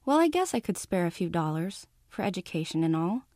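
A woman reading the lines of a frail old lady with a raspy, wheezy voice, slow and polite. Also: lowish voice, very animated, darkish tone, no room sound, clean studio sound. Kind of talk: audiobook reading by the author.

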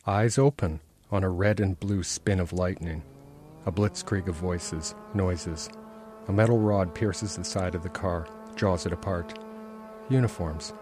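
A man, the author, reading aloud from his own novel in a measured, intense first-person narration. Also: low voice, darkish tone, slight background noise. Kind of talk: literary reading.

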